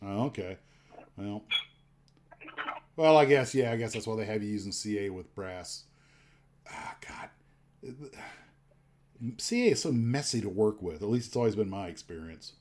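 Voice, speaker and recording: A man with a fairly low voice hosting a relaxed livestream, talking in a loose, rambling way. He often trails off, restarts his sentences and fills pauses with "uh" and "um". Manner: rambling, many fillers and restarts. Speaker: livestream host. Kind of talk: casual chat.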